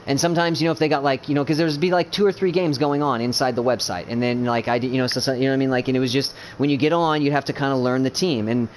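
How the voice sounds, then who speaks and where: A man talking quickly in a loose, rambling chat about gaming, full of fillers, restarts and casual swearing. His pitch sits in an ordinary middle range. A faint hiss of background noise sits under his voice. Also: fairly even intonation. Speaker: gamer streamer.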